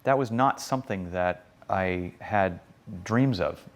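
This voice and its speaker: A man's voice: low-pitched, takes it slowly. Chatty man in his forties. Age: 40s. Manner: chatty, animated, many fillers. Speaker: interviewee, stage performer. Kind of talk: casual interview chat.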